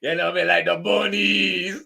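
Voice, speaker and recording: A man voicing a flirty, smooth-talking male coworker in a put-on Jamaican accent, teasing and sing-song. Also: sits high, level tone, a little slow, pushed and bright, heavily acted. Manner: teasing, sing-song, laughing through lines.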